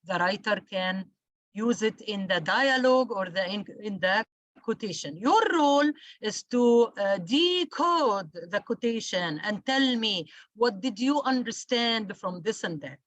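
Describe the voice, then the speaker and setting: A woman's voice: mid-range voice, lively intonation, unhurried, a bit bright, dry recording. A woman teacher giving a class lecture, stressing and repeating key words, with many fillers.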